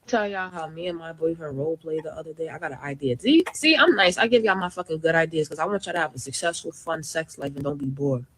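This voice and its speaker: A woman's voice: low voice, fast, few pauses. Brash, profane woman telling a story. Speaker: social media content creator. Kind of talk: storytime monologue.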